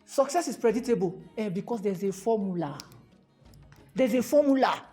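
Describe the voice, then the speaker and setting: A Nigerian man giving a motivational talk to a live audience, animated and fond of repeated rhetorical questions, slipping into pidgin. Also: high-pitched, normal speed, soft background music. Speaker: motivational speaker.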